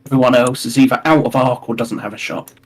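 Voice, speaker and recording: A man with a husky voice plays in a tabletop naval battle. He pauses with hesitant ums before naming which ship fires at which. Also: medium pitch, flat delivery. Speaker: player. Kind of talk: casual tabletop game chat.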